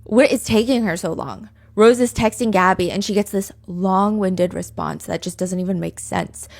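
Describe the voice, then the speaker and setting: A woman hosting a true crime podcast, retelling a case in a chatty, casual way full of "like" fillers and quick asides. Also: medium pitch, creaky, darkish tone. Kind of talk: casual storytelling chat.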